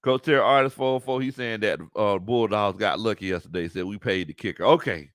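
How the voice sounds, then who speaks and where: A man's voice: fairly low pitch, no echo, clean studio sound. A man hosts a casual live sports stream, reading chat comments, laughing often and drawing out his words. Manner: animated, laughs often, drawn-out colloquial speech. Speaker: sports talk show host.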